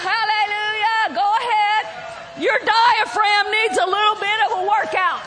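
Whooping high-voiced woman preacher. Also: fairly even intonation, unhurried, a faint crowd, slight background noise. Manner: bursts into loud exaggerated laughter and whoops. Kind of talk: sermon.

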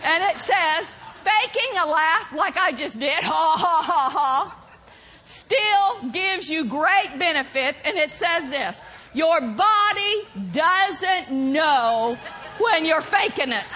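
Woman preacher, lively high voice swinging wide, bursts of loud laughter between unhurried lines. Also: some chatter behind. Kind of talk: sermon.

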